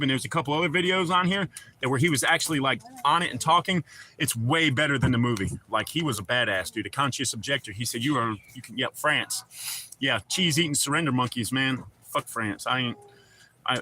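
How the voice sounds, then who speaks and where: Bright-voiced man casually chatting. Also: mid-range voice, slight background noise. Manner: profane, joking, talks back to chat. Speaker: livestream host. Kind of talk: casual livestream chat with viewers.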